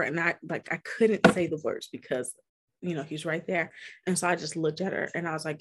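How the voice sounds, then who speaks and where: A woman's voice: lowish voice, a little fast. Young woman telling a candid story. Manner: laughing often, many fillers, candid. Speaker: podcast co-host. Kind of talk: casual personal storytelling.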